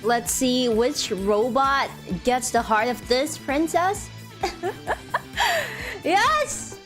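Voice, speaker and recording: A young woman streaming a game, chatting playfully, giggling often and reading game text aloud, her voice a little deep from just waking up. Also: sing-song, extremely slow, a bit bright. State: slightly deep morning voice. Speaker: VTuber streamer. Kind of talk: casual live-stream chat. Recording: faint music behind.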